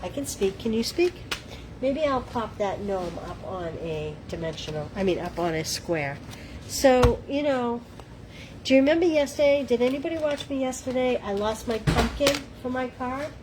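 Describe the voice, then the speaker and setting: A woman's voice: on the high side, lively intonation, moderate pace, noisy background. A middle-aged woman with a Boston accent hosting a live crafting demo, chatting to viewers in a self-deprecating way. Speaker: craft livestream host.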